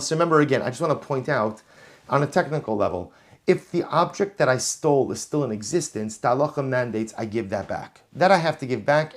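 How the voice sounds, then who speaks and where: A man, a rabbi, giving an emphatic Torah lesson, reading phrases and repeating key lines for emphasis. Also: mid-range voice. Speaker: rabbi teaching. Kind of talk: Torah class lecture.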